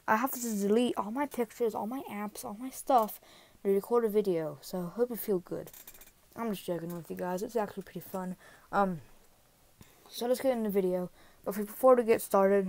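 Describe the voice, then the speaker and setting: A woman's voice: medium pitch, moderate pace, creaky, a little mellow. A woman vlogger in casual chat, rambling with many fillers and asides, recorded on a phone. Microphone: iPhone.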